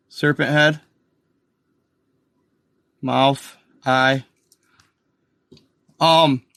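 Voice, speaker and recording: A man hosting a casual video, excitedly talking viewers through an old map and repeating himself as he points things out. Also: on the high side, no room sound, studio quality. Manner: excited, repetitive, addresses viewers as guys and y'all. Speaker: video host. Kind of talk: casual commentary over a map.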